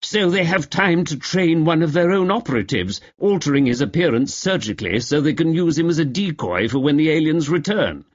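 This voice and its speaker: A man's voice: on the high side, animated, a little fast, hardly any pauses, no echo, voice pushed up. A jittery, gullible man with a raised, eager voice who swells with self-satisfaction as he explains a far-fetched theory, read by a male narrator. The audio is a bit dull. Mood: complacent. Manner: nervous, complacent. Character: nervous gullible man full of conspiracy theories.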